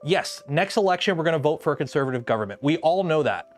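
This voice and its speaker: A man's voice: on the high side, animated, fast talker, soft background music. A young man chatting casually and rambling on tangents while he works on a build during a livestream. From Canada. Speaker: livestream host.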